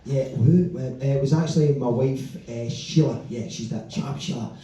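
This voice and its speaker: A Glaswegian man putting on a hesitant, evasive customer who mumbles and stalls with fillers, his voice low and quiet. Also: moderate pace, crowd noise, close to an everyday voice. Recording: echoey live club, distant mic, audience.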